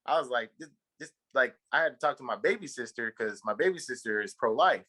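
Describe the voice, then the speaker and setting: A man's voice: medium pitch, lively intonation, fairly quick, pushed and bright, rough recording. A man from Texas co-hosting a podcast, telling a long story in a rambling way, full of fillers and swearing. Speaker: podcast co-host. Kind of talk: casual chat.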